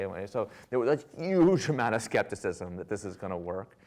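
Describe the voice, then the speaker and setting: Man, 30s, from the US, lower register; lively lecture-stage raconteur with dry humor. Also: fairly quick, few pauses. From United States. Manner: animated, wry storyteller acting out dialogue. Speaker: author and speaker. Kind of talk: public lecture storytelling. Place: lecture hall with audience.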